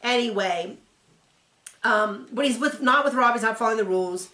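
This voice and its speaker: A woman's voice: a little high, normal speed, sharp tone. A woman doing a casual, chatty reaction recap of a TV episode, with sarcastic asides. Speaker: TV recap reviewer. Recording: roomy echo.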